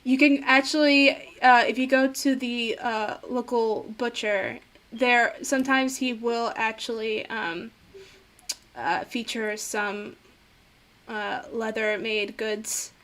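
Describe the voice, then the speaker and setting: A woman's voice: on the high side, fairly even intonation, takes it slowly, fairly bright tone. Rambling woman game master. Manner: rambling, many fillers, laughs easily. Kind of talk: narrating a tabletop game.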